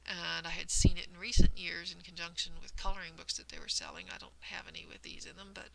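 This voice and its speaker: A woman's voice: lowish voice, flat delivery, fast talker, gravelly, bright, forceful tone, slight background noise, rough recording. A woman hosting a cross-stitch vlog, chatting casually and explaining things carefully with a self-deprecating touch. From United States.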